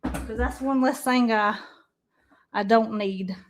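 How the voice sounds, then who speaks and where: A woman with a high voice chats slowly on a casual livestream, calling her viewers "y'all." She's the host of the stream.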